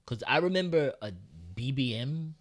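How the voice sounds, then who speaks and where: Lively-voiced man reacting as co-host. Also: mid-range voice, normal speed. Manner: reactive listener, short interjections. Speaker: podcast co-host. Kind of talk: casual chat, listening and reacting.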